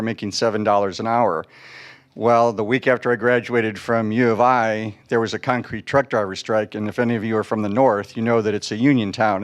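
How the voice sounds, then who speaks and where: A man in his sixties, from Chicago, speaks on a panel with a somewhat low voice. He talks in a halting way, with many restarts and fillers as he tells his story. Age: 60s.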